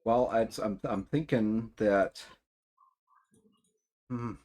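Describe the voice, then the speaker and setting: Low-voiced man running a tabletop game. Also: steady tone, a little mellow. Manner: halting, repeats words, gruff as bouncers. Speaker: game master.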